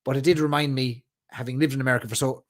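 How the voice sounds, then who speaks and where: A man's voice: mid-range voice, steady tone, fast talker. An Irish man with a Cork accent, hosting a whiskey club live stream and chatting casually with viewers, rambling a little and tired late at night. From Ireland. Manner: rambling, chatty, reads viewer comments aloud.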